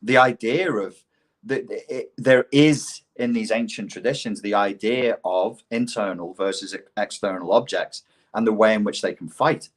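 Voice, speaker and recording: A man's voice: lowish voice, normal speed. A man from Liverpool talking casually on a livestream Q&A about philosophy, rambling and emphatic with the odd swear word. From Liverpool, England. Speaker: online philosophy and self-help talker.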